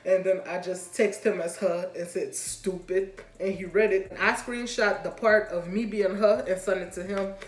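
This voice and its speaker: A woman's voice: medium pitch, steady tone, normal speed, hardly any pauses. A woman telling a storytime story on her vlog in a chatty, slangy way, laughing often. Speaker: vlogger. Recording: roomy echo, faint music.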